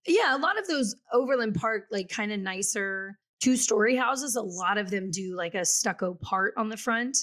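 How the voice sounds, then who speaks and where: A woman real estate agent co-hosting a casual chat, talking in an animated, storytelling way and acting out the quotes she tells. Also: mid-range voice, moderate pace, hardly any pauses. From Kansas City area. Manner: chatty and animated, acts out quotes.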